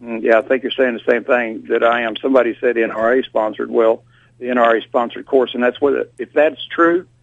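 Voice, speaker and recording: A man calls into a talk radio show, pressing his points emphatically and circling back to repeat them. His voice is gravelly and husky, and the words come fast. The sound is the thin, tinny band of a phone line. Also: medium pitch, fairly even intonation, no echo.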